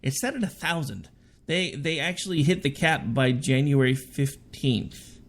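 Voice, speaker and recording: A man's voice: on the high side, animated, a little slow, a bit bright. A man co-hosting a radio talk show, arguing his political views in a sarcastic, argumentative way. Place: radio studio.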